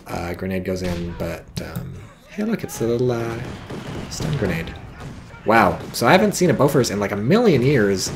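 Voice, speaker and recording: Male game commentator, gravelly fry, lively pitch swings, excitable, casual swearing, noisy recording. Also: moderate pace. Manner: excitable, swears freely, frequent "oh boy" exclamations.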